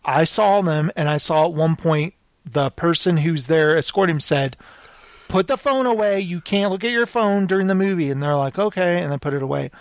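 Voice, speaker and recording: A man co-hosting a casual chat show, telling stories with animated acted-out quotes. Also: a little high, moderate pace, dry recording. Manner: animated storyteller, acts out quotes. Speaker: podcast co-host.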